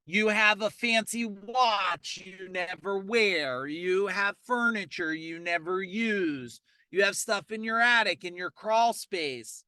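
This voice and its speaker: A man coaching a live motivational webinar in a fast, energetic delivery. His voice is forceful and punchy, with a dry, close sound and no room echo. He repeats key points and keeps prompting the audience to respond. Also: sits high, clean tone. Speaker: business coach leading an online challenge. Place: outdoors in a parking lot.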